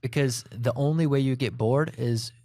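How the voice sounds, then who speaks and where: A man's voice: mid-range voice, normal speed, dark tone, dry recording, clean studio sound. A middle-aged man co-hosting a casual podcast chat, talking in long, rambling runs that often restart mid-sentence. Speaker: podcast co-host.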